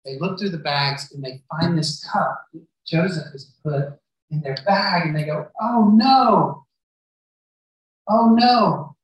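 A man's voice: fairly high pitch, moderate pace, a bit bright, lo-fi sound. Male preacher in a very echoey hall. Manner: storytelling, acts out the characters' lines. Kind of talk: sermon retelling a Bible story. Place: church hall. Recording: very echoey hall, voice far from mic.

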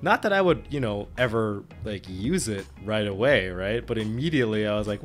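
A man's voice: fairly low pitch, expressive, brisk, few pauses, faint music behind. A man co-hosting a podcast, recapping a tabletop game in casual chat, laughing often and rambling with lots of fillers. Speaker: podcast co-host and player.

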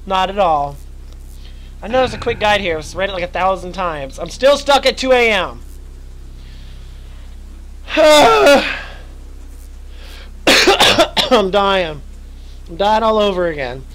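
A man's voice: high voice, lively intonation, moderate pace, a bit bright, a little hiss or hum, low-quality recording. A young man chatting and swearing while streaming a horror game, his voice worn and his nose stuffy. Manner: chatty, yelps and swears at scares. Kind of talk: live gaming commentary.

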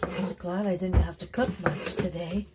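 Here a vlogger with a fairly low, steady voice chats to her viewers at normal speed. She's filming a casual home vlog at the family cottage, and the audio is noisy.

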